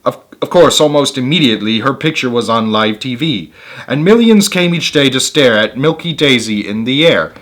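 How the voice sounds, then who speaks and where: A man reading a children's rhyming story aloud in a lively, expressive way. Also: mid-range voice, normal speed.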